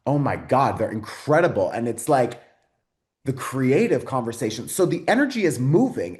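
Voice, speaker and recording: Excitable, swearing astrology host man. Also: mid-range voice. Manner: excitable, swears often, rambling with many fillers. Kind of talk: casual unscripted talk to camera.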